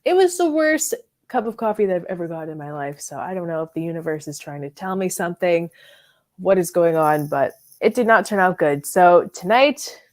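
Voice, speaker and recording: A woman with a slightly low voice hosts a relaxed fragrance livestream. She chats loosely, greets viewers from the live chat and talks about perfumes in an easy, rambling way, full of little fillers. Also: moderate pace. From Florida. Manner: chatty, reads and answers live chat, frequent likes and ums.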